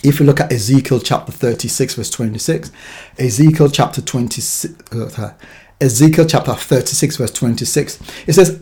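A man preaching in an easy, conversational manner. He drops into quick acted-out voices for his examples, and his pitch sits mid-range. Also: warm tone. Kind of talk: sermon.

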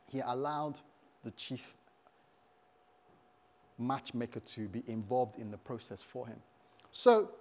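A male pastor with a medium-pitched voice preaches during a church service. He's humorous and animated, calling out to the congregation.

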